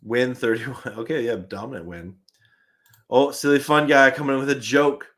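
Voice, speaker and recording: A young male host chats through a live fan stream at an ordinary mid pitch. He reads viewer comments aloud, chuckles between thoughts, and often restarts his sentences. The delivery stays casual and animated throughout. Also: moderate pace.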